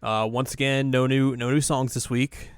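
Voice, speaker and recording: Chatty man on a smooth, dry podcast mic. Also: mid-range voice, little pitch movement, normal speed, no room sound. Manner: loose and chatty, acts out characters' lines in goofy voices. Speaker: podcast co-host. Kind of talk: casual chat.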